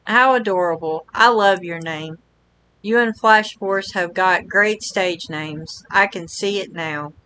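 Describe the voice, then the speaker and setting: Woman voicing a flowery young street magician, bright tone, unhurried gushing lines. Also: fairly low pitch, slight background noise, rough recording. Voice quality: flowery, overly sweet manner. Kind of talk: reading game dialogue aloud.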